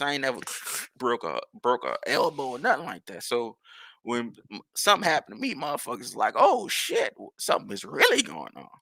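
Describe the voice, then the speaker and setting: A man's voice: mid-range voice, vocal fry, bright, forceful tone, dry recording. A man, a podcast host telling a rambling, profane story in casual talk. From New Orleans.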